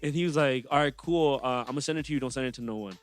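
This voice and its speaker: A man's voice: mid-range voice, rapid-fire, soft background music. Young man telling stories casually. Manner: animated, acts out quotes of others in slang. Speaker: rapper guest. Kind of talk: casual storytelling interview. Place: podcast studio.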